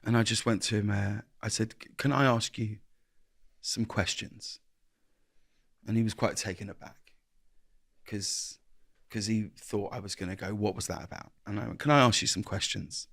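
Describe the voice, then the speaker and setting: A man's voice: on the low side, steady tone, moderate pace, vocal fry, long pauses, fairly bright tone, no room sound, studio quality. A man, a guest speaking earnestly in an interview, often restarting his sentences and acting out little exchanges of dialogue. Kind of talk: reflective interview conversation.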